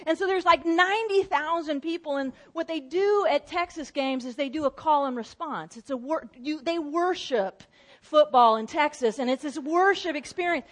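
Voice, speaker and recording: A woman preaching a sermon in a conversational, storytelling way, acting out excited shouts and call-and-response scenes. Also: sits high, normal speed. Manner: animated storytelling with acted-out shouts. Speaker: pastor.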